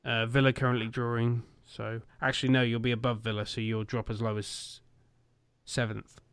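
A man's voice: medium pitch, level tone, normal speed, a bit bright, clean tone, no room sound. A man co-hosting a football podcast, chatting casually and easygoing, with plenty of hesitant ums. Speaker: podcast co-host.

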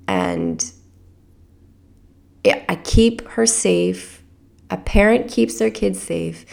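A woman's voice: mid-range voice, creaky, a little mellow. A woman coach who is a parent, telling a personal story in a candid and emotional way, with restarts and small laughs. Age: adult parent. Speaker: life coach.

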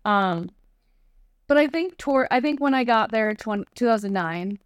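A woman's voice: on the high side, animated, normal speed, smooth, dry recording. A woman from Chicago chatting as a podcast guest, full of "like" fillers and acted-out quotes. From Chicago, USA. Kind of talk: casual chat.

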